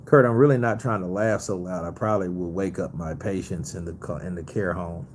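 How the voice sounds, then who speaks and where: A man's voice: low voice, steady tone, a little fast, a little mellow, slight background noise. A man hosting a casual boxing livestream, reading viewer comments in a loose, profane way and laughing easily. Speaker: boxing news host.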